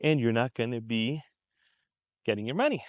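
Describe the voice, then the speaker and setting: An animated American man with a mid-range voice speaks at normal speed in unscripted commentary aimed directly at his viewers. As a commentary vlogger he's conversational and emphatic, restating points and acting out reactions. The studio-quality audio has no echo.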